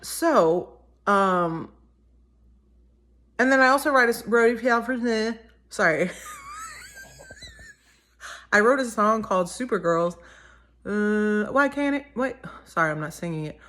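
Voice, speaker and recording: A woman's voice: mid-range voice, expressive, measured pace, long pauses, fairly bright tone. A teenage girl and singer-songwriter chatting casually, rambling and often correcting herself mid-sentence. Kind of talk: casual chat.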